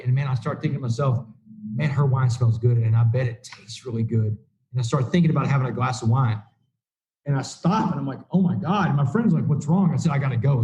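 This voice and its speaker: A middle-aged man gives personal testimony to a recovery group, telling his story in an animated way and acting out the dialogue he quotes. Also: on the high side, low-quality recording. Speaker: recovery meeting speaker.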